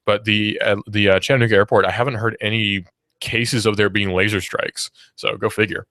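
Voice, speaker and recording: A man's voice: lowish voice, fairly even intonation, a little fast, bright, forceful tone, no echo, clean studio sound. A young man from Georgia hosting a radio talk show, chatting casually about the station lineup and reading news with self-deprecating asides. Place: radio studio. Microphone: studio microphone.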